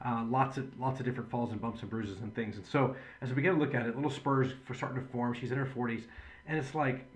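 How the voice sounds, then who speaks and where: A man in the role of a chiropractor talks patients through his ideas in an earnest, chatty way. He tells stories from his practice in a plain, conversational manner, at an ordinary pitch for a man. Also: quick pace. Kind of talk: patient education video talk.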